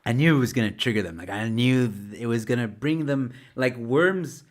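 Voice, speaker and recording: A man's voice: medium pitch, normal speed. A man with an ordinary mid-range voice hosting a casual online show. He rambles through his stories with frequent fillers and restarts. He often laughs as he talks. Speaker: show host. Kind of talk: casual chat.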